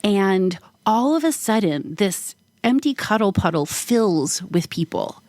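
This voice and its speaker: Animated woman telling a funny story. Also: unhurried, no room sound. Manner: animated, acts out quoted voices with big pitch jumps; frequent "like" fillers. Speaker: podcast co-host. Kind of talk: casual storytelling.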